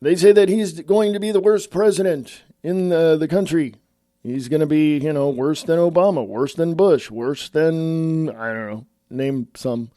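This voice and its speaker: A man's voice: fairly high pitch, measured pace, warm tone, no room sound, clean studio sound. A middle-aged man from California, giving a blunt, opinionated, casual political rant to the camera and calling his listeners "folks.". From California, USA. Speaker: online commentator.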